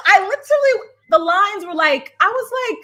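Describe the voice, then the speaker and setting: A woman co-hosting a podcast in casual chat, animated and quick to laugh, talking from a home self-tape setup. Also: extremely high pitch. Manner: animated, laughing, lots of "like" and "literally". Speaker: podcast co-host.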